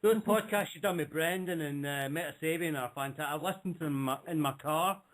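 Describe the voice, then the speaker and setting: Upbeat male participant, slightly higher voice, eager casual delivery. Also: quick pace, fairly bright tone. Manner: enthusiastic, upbeat. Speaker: call-in participant. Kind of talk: casual call-in chat.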